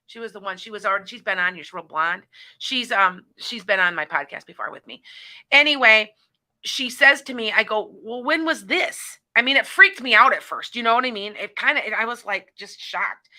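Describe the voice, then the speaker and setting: A middle-aged woman hosting a call-in radio talk show, her voice very bright and ringing and set a little high. She rambles casually and keeps restarting her sentences as she talks. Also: moderate pace. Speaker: psychic radio show host.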